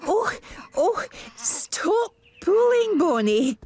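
A woman's voice: extremely high pitch, very animated, extremely slow, loud music behind the voice, full character voice. A woman voicing a chatty, fussy middle-aged village postmistress walking her dog in a children's cartoon. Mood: fussing. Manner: fussing, chatty.

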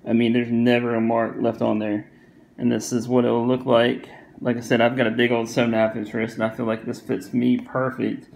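A man with a Southern US accent talks through a watch review in a loose, rambling way, leaning on fillers and circling back on himself. His voice has a gravelly edge and stays fairly flat in pitch. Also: fairly quick, slight background noise, low-quality recording. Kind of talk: casual product review.

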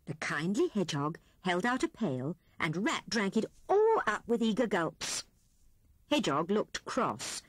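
A woman reading a children's story aloud in an expressive storytelling manner. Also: on the low side, normal speed, slightly rough, dry recording. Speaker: audiobook reader. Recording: 1970s cassette audiobook, dry studio.

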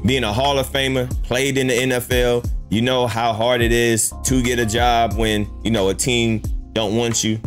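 A man hosting a YouTube reaction, talking casually and incredulously, firing off rhetorical questions. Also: mid-range voice.

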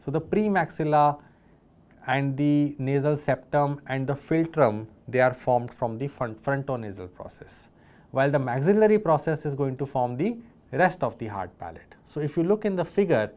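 A man's voice: medium pitch, lively intonation, normal speed, darkish tone. A man with an Indian English accent giving a recorded anatomy lecture, patiently explaining and repeating key terms.

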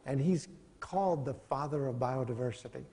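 A middle-aged man lecturing a class in a relaxed, digressive way, his voice gravelly and mellow. He sits a little high in pitch for a man. The sound carries a long reverb from the lecture hall. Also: normal speed. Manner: conversational, digressive, chuckling.

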